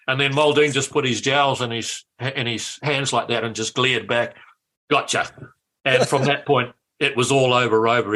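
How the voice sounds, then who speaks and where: Lively older man. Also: medium pitch. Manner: lively storyteller, repeats words at starts. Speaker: former politician, guest. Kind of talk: anecdotal interview chat.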